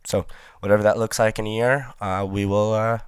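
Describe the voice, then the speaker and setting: Laid-back rambling man, smooth low voice. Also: fairly even intonation, a little fast, no room sound, clean studio sound. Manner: rambling, laid-back, lots of ums and swearing, laughs often. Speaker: podcast host. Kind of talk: casual solo podcast monologue.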